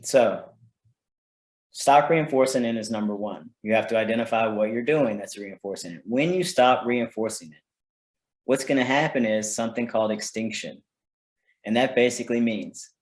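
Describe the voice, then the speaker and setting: A man's voice: mid-range voice, moderate pace. Roomy-sounding man teaching parents. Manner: conversational, keeps checking in with "right?". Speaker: parenting workshop presenter. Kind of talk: informal teaching talk. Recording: roomy echo.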